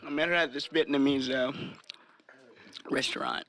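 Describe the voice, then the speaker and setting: A man's voice: mid-range voice, steady tone, moderate pace, a bit bright. A young man telling a crude comic story in a rambling, giggly way with lots of fillers. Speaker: storyteller on a comedy podcast.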